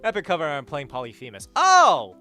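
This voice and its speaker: A man's voice: fairly high pitch, wildly swooping pitch, fairly quick, pushed and bright, clear, resonant tone, faint music behind. A young man streaming live, chatting casually, reading out chat and donations, blunt and swearing freely as he rants. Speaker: livestreamer.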